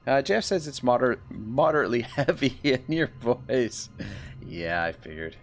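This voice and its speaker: Faint music plays behind a Canadian-accented man streaming a strategy game, who chats with viewers and reads their messages aloud. His mid-range voice is expressive and unhurried, and his talk rambles with many fillers and restarts.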